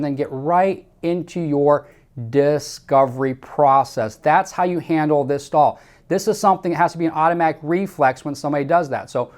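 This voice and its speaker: A man's voice: on the high side, moderate pace, a little mellow. A man coaching salespeople in a training talk, emphatic and repetitive, speaking straight to the listener with firm instructions.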